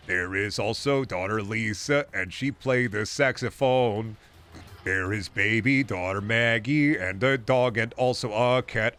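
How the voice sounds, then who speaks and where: Man doing a deadpan broken-English reciter, slow monotone, bright tone. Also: on the low side, slight background noise.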